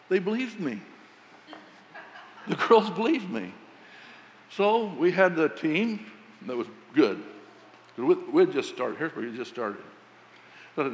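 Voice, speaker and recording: A man preaching a sermon, telling a folksy story about coaching and quoting himself with animated emphasis. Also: medium pitch, a little slow, pauses often, big-room sound.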